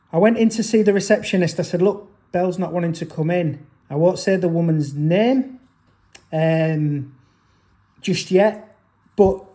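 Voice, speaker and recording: Father vlogging, high voice, aggrieved and rambling, keeps restarting sentences. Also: warm tone. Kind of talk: emotional personal storytelling.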